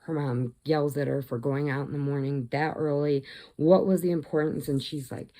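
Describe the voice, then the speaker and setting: Gravelly low-voiced woman vlogger. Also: normal speed. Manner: animated storyteller, acts out lines, drops to whispers. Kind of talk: casual movie retelling.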